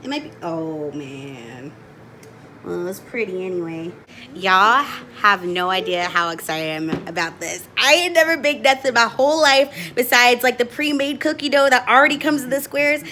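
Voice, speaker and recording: A young woman vlogging as she bakes at home in her kitchen, chatty and excitable, and she laughs often. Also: mid-range voice, moderate pace, a little hiss or hum. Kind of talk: casual home baking vlog.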